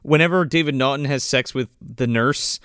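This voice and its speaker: A man's voice: medium pitch, moderate pace, clear, resonant tone, no echo, clean studio sound. A man co-hosting a podcast, chatting casually about a film and acting out scenes, swearing freely. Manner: animated, swearing, acts out movie scenes. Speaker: podcast co-host. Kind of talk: casual movie review chat.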